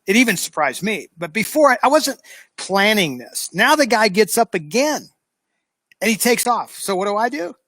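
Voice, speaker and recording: An American man with a high voice, recounting a tale in an animated, chatty way. The sound is close and dry, with no room around it. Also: normal speed, no echo. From United States. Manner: animated storyteller, lively re-enactment. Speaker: show host. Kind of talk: casual anecdote telling.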